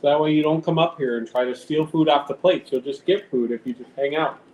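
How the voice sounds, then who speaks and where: Rambling on a live stream at home, a man speaks a little fast in a higher, darkish-toned voice, occasionally swearing and talking to his cat. The sound is roomy, with faint background noise.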